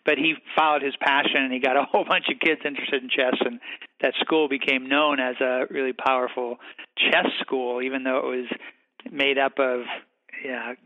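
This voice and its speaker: A man's voice: mid-range voice, level tone, normal speed. A man hosting a phone interview, talking in a reflective, easygoing way. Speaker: interview host. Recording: tinny phone line.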